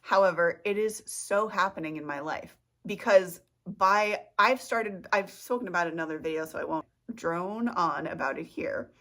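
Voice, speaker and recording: A woman vlogger, talking straight to camera in a loose, rambling way. She pokes fun at herself as she goes, and her voice sits a little low. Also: moderate pace, a bit bright. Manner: chatty, rambling, self-mocking, with laughs and playful asides. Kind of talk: casual talk to camera.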